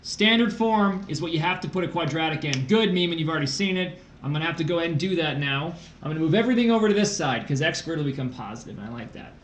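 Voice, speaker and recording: Male tutor, a touch high-pitched, explains math aloud with jokey asides; roomy echo on the recording. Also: animated, fast talker, few pauses, slight background noise. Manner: works through problems aloud, playful asides. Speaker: test prep tutor. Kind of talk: livestreamed math lesson.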